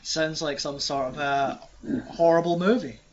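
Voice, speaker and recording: Rambling podcast host, slightly high. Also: male voice, fairly even intonation, normal speed. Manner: rambling, self-mocking. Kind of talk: casual chat. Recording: dull lo-fi sound.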